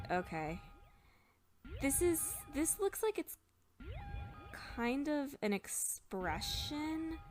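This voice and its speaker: A young woman hosting a casual game playthrough, chatty and thinking aloud as she looks words up at her computer. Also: mid-range voice. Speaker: let's play host. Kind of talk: casual game commentary, explaining Japanese words.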